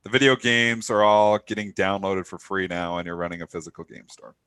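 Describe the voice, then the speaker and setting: A man's voice: fairly quick, clean tone, no echo, studio quality. A man co-hosting a live trading talk show, chatting casually about stocks and laughing easily. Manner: animated, laughing, goes high when excited. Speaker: co-host and trader.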